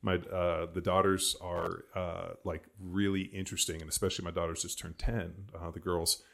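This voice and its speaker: A man's voice: low-pitched, flat delivery, normal speed, creaky. A man in his forties chatting casually about raising his kids, rambling with lots of fillers and restarts. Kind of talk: casual chat.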